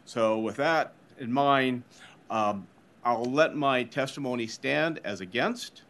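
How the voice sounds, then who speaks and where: A man testifying as a member of the public at a legislative hearing, speaking deliberately and hesitantly, thinking aloud. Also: medium pitch, fairly bright tone.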